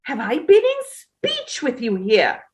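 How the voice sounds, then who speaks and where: A woman's voice: fairly high pitch, huge pitch swings, slow pace, exaggerated voice. A woman playing a haughty Tudor queen. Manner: declamatory, imperious. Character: imperious sleepwalking Tudor queen, haughty, commanding. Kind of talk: staged play reading.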